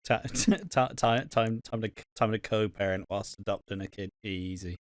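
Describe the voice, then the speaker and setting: A man's voice: fairly low pitch, normal speed, no echo. A young man co-hosting a podcast, teasing his co-host in sweary banter. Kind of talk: casual chat.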